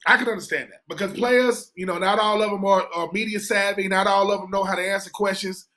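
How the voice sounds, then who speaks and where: A former player talks football as a show guest. His voice is high for a man, and he is emphatic and informal, often repeating words as he gets going. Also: steady tone, quick pace, bright, forceful tone. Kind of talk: casual radio sports talk.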